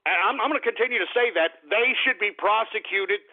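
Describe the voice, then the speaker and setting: A man hosting a talk radio show, ranting furiously with shouts, curses and heavy sighs. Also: sits high, brisk. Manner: furious, shouting and swearing, then sighing to calm down. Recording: tinny phone-like radio audio.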